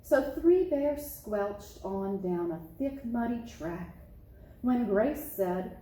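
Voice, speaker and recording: A woman's voice: medium pitch, slow pace. A woman, a children's librarian, reading a picture book aloud expressively, recorded in an echoey room. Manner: expressive, storytelling.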